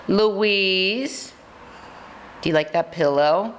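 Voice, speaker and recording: A woman playfully interviewing her dog in a casual home video, hesitant and coaxing with many pauses. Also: lowish voice, fairly bright tone, a little hiss or hum. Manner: hesitant, full of ums, coaxing.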